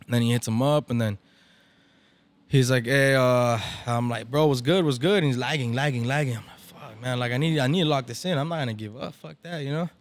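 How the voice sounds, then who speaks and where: A man's voice: medium pitch, brisk. A man, a barber event organizer, telling a story in casual, profane slang and slipping into Spanish now and then. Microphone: podcast microphone.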